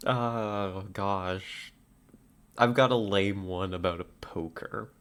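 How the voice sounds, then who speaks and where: A man's voice: fairly low pitch, very animated, drawn-out words. A man streaming live, chatting casually with viewers, laughing often and stumbling over his words. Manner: giggly, stammering, reads out chat puns.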